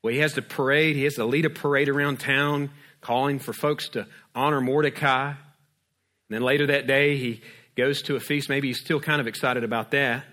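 A male pastor preaching a sermon, retelling a story lively and acting out its scenes. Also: medium pitch, moderate pace.

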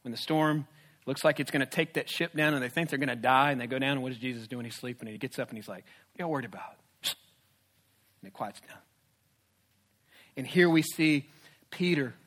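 A male pastor preaching a sermon, animated, with swings from hushed to loud. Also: medium pitch.

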